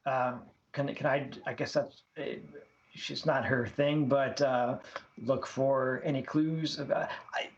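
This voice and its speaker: A man's voice: medium pitch, lo-fi sound, slight background noise. A man playing a tabletop game, thinking aloud in casual chat. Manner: slow and lively, thinking aloud. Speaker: player.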